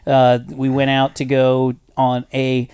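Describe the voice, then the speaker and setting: A man's voice: mid-range voice, monotone, takes it slowly, a little mellow, smooth, no echo. Guy rambling through a travel story on a podcast, lots of ums, dry close mic. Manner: rambling storyteller, many fillers and acted quotes. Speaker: podcast host. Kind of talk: casual chat.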